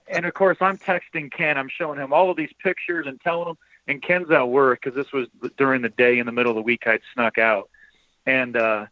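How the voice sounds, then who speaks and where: A man telling a story as a podcast guest in excited, animated casual chat, heard over a dull remote line. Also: medium pitch, no room sound.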